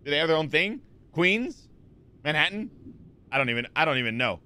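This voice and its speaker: A man's voice: on the high side, big pitch swings, fairly quick, sharp tone, clear, resonant tone. A man in his twenties chatting casually on a live stream, rambling with lots of fillers and restarts as he answers chat.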